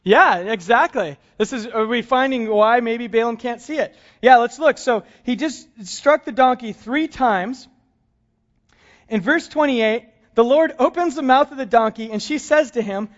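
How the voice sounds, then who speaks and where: A man's voice: very high voice, measured pace, muffled recording. A man preaching a sermon in a conversational, humorous way, chuckling often. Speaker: pastor.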